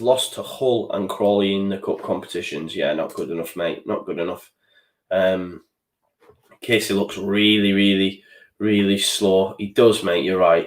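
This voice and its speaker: Frustrated low-voiced football fan streamer. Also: male voice, reverberant. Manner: frustrated, swears, reads out viewer chat. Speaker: fan channel host. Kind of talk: live match watchalong commentary.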